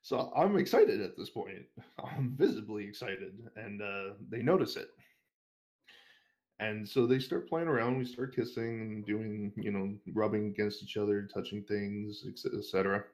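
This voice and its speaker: A man's voice: lowish voice, moderate pace, a little mellow. A young man telling a long story as an interview guest, casual and full of swearing, laughing as he goes. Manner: profane, rambling, laughs while telling.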